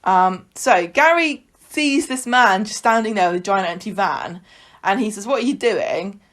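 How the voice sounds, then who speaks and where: A woman's voice: mid-range voice, unhurried, a bit bright. A woman co-hosting a casual podcast, recapping a soap with playful sarcasm. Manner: chatty, playfully sarcastic, acts out scenes. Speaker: podcast co-host.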